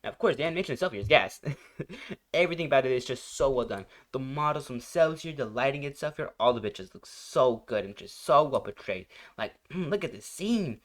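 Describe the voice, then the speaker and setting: A man's voice: medium pitch, animated, fairly quick. Gushing, rambling young man reacting. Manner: gushing, rambling, searching for words; laughs often between phrases. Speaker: reaction channel host. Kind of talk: casual reaction commentary.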